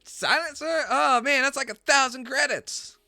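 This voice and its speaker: A man doing a pushy gun shop clerk in a tabletop role-play, hurrying the customer along with quick, stammering sales patter. The voice is pitched well above his own and sounds bright and hard-edged. The recording is close and dry. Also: creaky, dry recording, soft background music, exaggerated voice. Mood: pushy, impatient.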